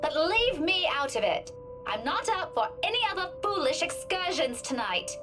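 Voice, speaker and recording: A high, lively voice with a clipped, dismissive edge, an impatient young woman in a horror visual novel. She sounds fed up and wants to be done. Soft music sits behind her. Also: moderate pace. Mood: irritated.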